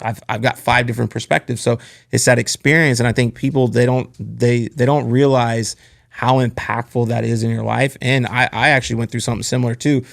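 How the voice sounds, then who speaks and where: Male podcast host, mid-range voice with gravelly texture, candid and earnest storytelling. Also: mid-range voice. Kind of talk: casual podcast conversation.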